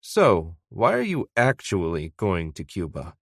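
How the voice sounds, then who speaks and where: A gruff, wisecracking retiree in his sixties, as a male narrator plays him, ribbing an old friend with dry insults. The voice sits lowish but swings widely in pitch. The reading is close and dry. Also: wildly swooping pitch, unhurried, dry recording, heavily acted. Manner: sardonic, ribbing.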